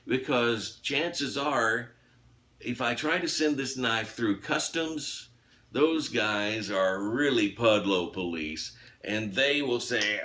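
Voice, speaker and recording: A man's voice: mid-range voice, animated, takes it slowly, pushed and bright. A man hosting his own channel, chatting casually to camera in a rambling, folksy way full of fillers. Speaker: YouTube channel host running a giveaway.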